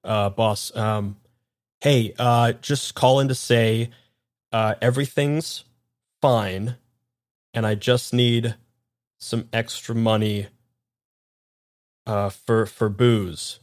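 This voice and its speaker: A man's voice: medium pitch, level tone, fast, no echo, studio quality, close to an everyday voice. A man voicing a nervous male henchman who stammers and hesitates. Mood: scared. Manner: stammers, many uh's.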